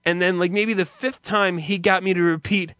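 Bright-voiced man ranting profanely. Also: high-pitched, steady tone, normal speed, no room sound, clean studio sound. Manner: rambling, profane, laughs often. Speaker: streamer host. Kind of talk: casual profane monologue.

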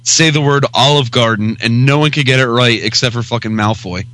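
A man's voice: mid-range voice, a little fast, fairly bright tone, no echo. A man co-hosting a podcast, blunt and profane, joking through casual chat. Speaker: podcast co-host.

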